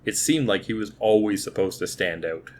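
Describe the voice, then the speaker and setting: This podcast co-host, a man in his thirties, keeps up a talkative, casual movie review chat, restarting his words as he thinks. He speaks at a normal speed in a lowish voice, with a little hiss or hum in the recording.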